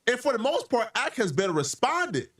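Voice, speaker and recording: A man making a commentary video, animated and opinionated, mimicking other people as he argues. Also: very high voice, a little fast, distant mic. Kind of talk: hip-hop commentary video.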